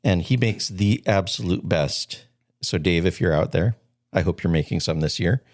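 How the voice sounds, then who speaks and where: A man's voice: deep voice, normal speed, darkish tone. A man co-hosting a podcast in casual chat, chatty and laughing often as he tells stories. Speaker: podcast co-host.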